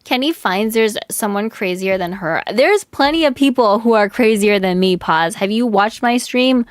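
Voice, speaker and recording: A young woman streamer riffs on clips in blunt, profane commentary. Her voice sits at a middle pitch. The sound is close and dry. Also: normal speed, no echo. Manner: blunt and profane, talks to chat.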